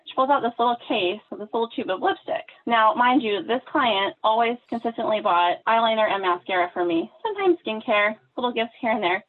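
A woman telling a personal story in casual podcast talk, animated and acting out what others said. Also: fairly high pitch. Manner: animated storyteller, acts out quoted voices. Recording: tinny phone-like line.

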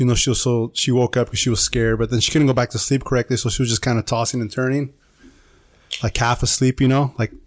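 A man's voice: medium pitch, no room sound, clean studio sound. A man co-hosting a podcast, telling a story in a casual, rambling way and saying "dude" a lot.

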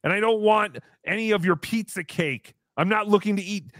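A man's voice: high voice, normal speed, a bit bright, no room sound, clean studio sound. A man voicing a brash, boastful comic character who talks about himself in the third person while hosting a livestream. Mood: mocking. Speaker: show host character. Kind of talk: livestream comedy banter.

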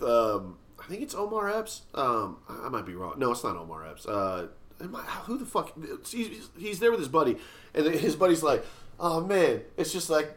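A man's voice: on the high side, a bit bright. A man hosting a casual podcast, rambling and swearing with lots of fillers and restarts. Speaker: podcast host. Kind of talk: casual chat.

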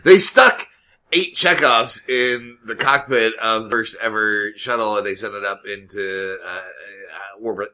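A man's voice: lowish voice, a little slow, pushed and bright. A man co-hosting a podcast, trading casual jokes and building absurd escalating riffs. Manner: joking, riffing on absurd escalations. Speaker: podcast co-host. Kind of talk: casual comedic banter.

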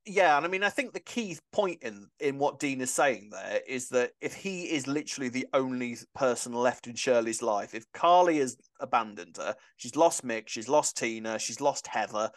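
A man's voice: medium pitch, animated, moderate pace, few pauses. A man co-hosting a podcast, chatting enthusiastically about a soap opera, often restarting his sentences. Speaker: podcast co-host.

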